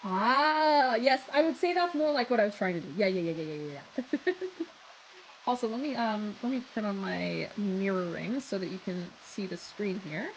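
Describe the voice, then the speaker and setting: A young Australian woman streaming live, chatting casually with viewers and reading aloud, giggly and animated. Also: mid-range voice, normal speed, a little hiss or hum, rough recording.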